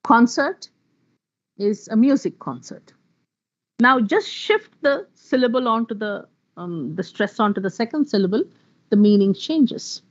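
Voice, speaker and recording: A woman's voice: a little high, big pitch swings, unhurried, muffled recording. Woman lecturing on word stress. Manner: explanatory, spells out and lists example words. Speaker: workshop speaker on pronunciation. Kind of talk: online workshop lecture.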